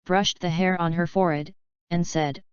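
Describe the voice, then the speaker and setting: A woman narrating a fan fiction audiobook with steady, even reading. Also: fairly low pitch, moderate pace, clean tone, no echo, dull audio. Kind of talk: scripted narration.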